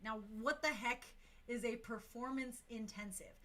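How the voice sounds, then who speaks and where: An enthusiastic young woman hosts a casual talk show and rattles through announcements. Her voice is bright and a little high, and her talk is loose and full of slang and fillers. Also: fairly even intonation, measured pace, slight background noise. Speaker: talk show host for a dance crew.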